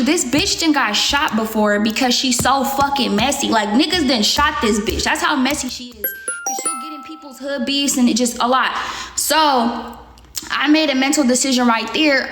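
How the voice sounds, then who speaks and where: A young adult woman telling a profane story on a livestream, animated and acting out the quotes. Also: high voice. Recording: echoey room.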